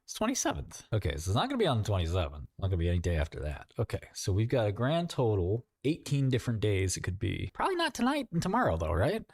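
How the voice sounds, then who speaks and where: A man hosting a casual trading livestream rambles and jokes, thinking aloud to his viewers. His voice swings widely up and down at a middling pitch. It is close-miked in a dry room. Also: very animated, fast talker, few pauses, a little mellow, husky, no room sound. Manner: rambling, jokey, talks to himself and chat. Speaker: livestream host.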